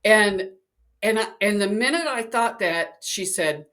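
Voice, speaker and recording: A woman's voice: mid-range voice, unhurried. A woman, a psychic, casually telling a personal story and acting out the voices of the people in it. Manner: chatty, animated, acts out quoted voices.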